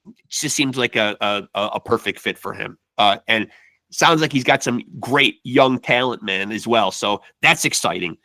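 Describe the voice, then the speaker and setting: A man's voice: fairly low pitch, normal speed, pushed and bright, no echo. A man hosting a podcast in loose, profane casual chat, tacking "man" onto nearly every phrase. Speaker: podcast host.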